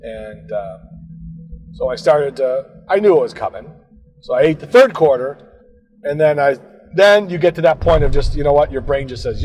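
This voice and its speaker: A man's voice: fairly high pitch, animated, normal speed, a little mellow, long reverb tail, soft background music, poor audio. A man telling a rambling comic story about himself, scolding himself and swearing as the rants build. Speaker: podcast co-host telling a story.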